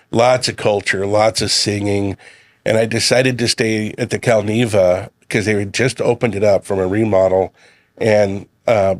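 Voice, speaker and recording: Relaxed middle-aged male guest, dry sound. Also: fairly low pitch, no echo. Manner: relaxed storyteller, quotes his sons and himself. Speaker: guest, chef and community leader. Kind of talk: casual chat.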